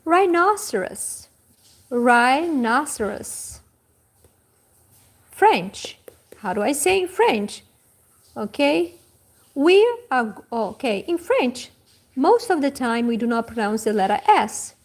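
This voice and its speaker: A woman teacher speaks very slowly, sounding out each word with care and saying it twice. Her voice is high and lively, rising and falling a lot. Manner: slow, careful pronunciation with each word said twice. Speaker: language teacher. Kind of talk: slow repeat-after-me vocabulary lesson.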